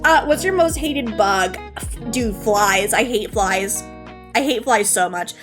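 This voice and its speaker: Bubbly high-voiced woman streamer, giggly. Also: slow, music in the background. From United States. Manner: giggly, bubbly, swings between squeals and low mumbles. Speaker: VTuber streamer. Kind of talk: casual stream chat, reading chat.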